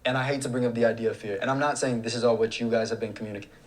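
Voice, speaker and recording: Young man on a debate panel, quick-talking and articulate, mid-pitched. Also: steady tone. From United States. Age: young adult. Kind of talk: thoughtful debate talk.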